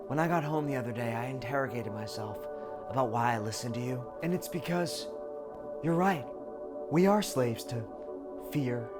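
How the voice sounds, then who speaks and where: A man voicing a calm young female psychiatrist who questions in a quiet, measured way, with music underneath. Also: medium pitch, lightly acted. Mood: intent.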